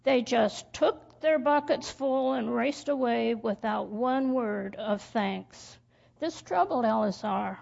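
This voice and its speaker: A woman reading a story aloud to children in church, halting and stumbling over words as she goes. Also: on the high side, creaky, darkish tone. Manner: slow, halting reading with slips and restarts. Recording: dull lo-fi recording.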